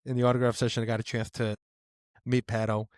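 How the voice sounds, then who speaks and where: A man co-hosting a podcast in casual chat, telling an excited story that rises in pitch when he gets animated. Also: fast talker, no echo, clean studio sound. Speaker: podcast co-host.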